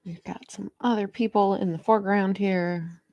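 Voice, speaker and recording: A woman's voice: mid-range voice, steady tone, moderate pace, dry recording, dull audio. A woman artist chatting casually to viewers on a live stream while she draws, greeting them by name. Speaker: comic artist streaming a drawing session.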